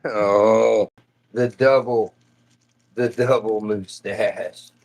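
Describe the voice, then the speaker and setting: Laid-back swearing streamer dad. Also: male voice, on the low side, steady tone, extremely slow, a little mellow. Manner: loose, rambling, swears casually, says "dude" a lot. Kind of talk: casual live-stream chat. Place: at home.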